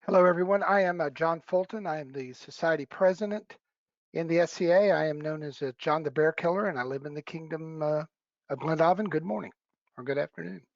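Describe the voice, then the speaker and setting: A man, a society president, introducing himself in a halting way in an online meeting. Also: fairly high pitch, no echo. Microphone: video call. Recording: dry dull webinar audio.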